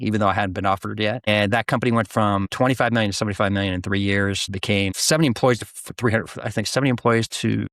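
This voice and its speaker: A middle-aged man telling his career story as a guest in a casual interview, animated and full of restarts. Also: fairly low pitch, no echo, clean studio sound. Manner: animated, restarts often, acts out quoted voices. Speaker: guest, business founder.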